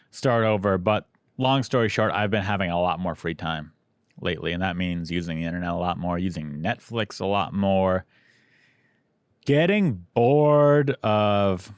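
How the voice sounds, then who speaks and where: A male podcast host with a lowish voice, trading teasing banter and reading ads. His voice is dry and close, with no room around it. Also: clear, resonant tone, no room sound. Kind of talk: casual chat and ad read.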